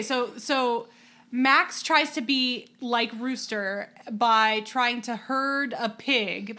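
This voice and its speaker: Animated, bright-voiced woman podcast host. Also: a little high. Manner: animated, exasperated ranting with laughter; holding a teething baby while talking. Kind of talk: casual podcast chat.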